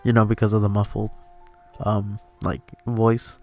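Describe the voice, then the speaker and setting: A man's voice: fairly low pitch, level tone, measured pace, vocal fry, mellow. A young man hosts a casual gaming commentary, rambling on with fillers and frequent laughs. He records in a room at home while faint game music plays underneath. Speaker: let's play host.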